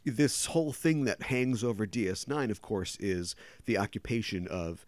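Low-voiced man hosting a podcast. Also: expressive, moderate pace, darkish tone, no room sound. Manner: talkative, explains background at length. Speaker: podcast host. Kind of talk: casual podcast chat.

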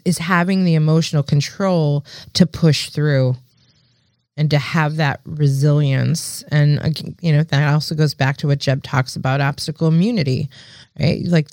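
A woman's voice: low voice, a little mellow, no echo, studio quality. A woman co-hosting a podcast in casual chat, earnest and often restarting her sentences. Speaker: podcast co-host.

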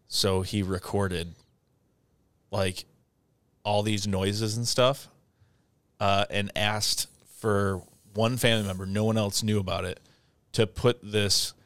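A man's voice: on the low side, a bit bright, smooth, no room sound. A man co-hosting a podcast in casual chat, joking, swearing and laughing often. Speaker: podcast co-host.

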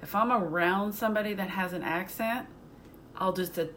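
A woman comedian, telling stories in casual chat, brash and profane, laughing often and dropping into quick impressions. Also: mid-range voice, fairly bright tone, a little hiss or hum. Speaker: comedian guest.

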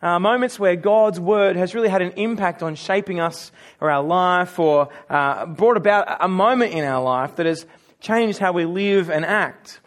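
A man's voice: sits high, normal speed. A man with an Australian accent preaching a sermon, telling personal stories in a chatty, self-mocking way. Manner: conversational storytelling with self-mocking humor.

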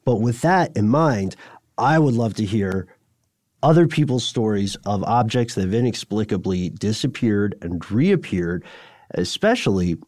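A man's voice: on the low side, very animated, measured pace, a little mellow, dry recording, clean studio sound. A man co-hosting a podcast in casual chat, wry and rambling, thinking aloud with fillers. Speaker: podcast co-host.

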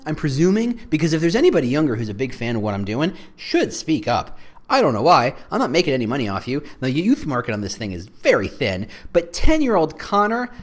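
A man hosting a solo podcast, talking in a joking, rambling, self-deprecating way. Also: on the high side. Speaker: podcast host.

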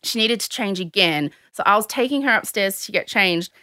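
Woman, Australian accent, animated storytelling, bright voice, dry recording. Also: medium pitch, normal speed, clean tone, no echo. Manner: animated, acts out quotes of others. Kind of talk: casual storytelling chat.

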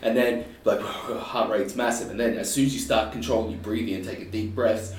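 A man's voice: on the low side, fairly even intonation, fairly quick. A man chatting casually, rambling with small stammers and easy laughs. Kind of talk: casual chat. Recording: roomy, distant mic with faint noise.

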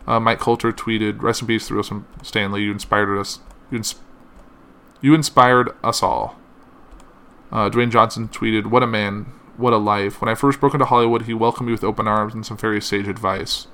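A man with a bright, forceful tone and a somewhat low voice reads tributes aloud. He halts often, with fillers and self-corrections, and sounds shaken enough that he struggles to keep going. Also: fairly even intonation, moderate pace. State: emotional, finding it hard to continue. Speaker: commentator reading tributes. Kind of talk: reading statements aloud.

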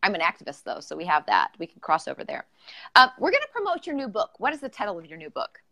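A woman's voice: mid-range voice, wildly swooping pitch, fast talker, bright, forceful tone. A woman hosting an informal live-streamed podcast interview over a video call, chatty and bubbly with lots of fillers. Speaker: podcast host.

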